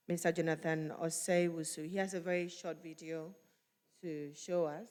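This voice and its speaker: A woman acting as master of ceremonies, making brisk practical announcements. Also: sits low, steady tone, darkish tone. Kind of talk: event hosting. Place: large conference hall. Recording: reverberant conference hall.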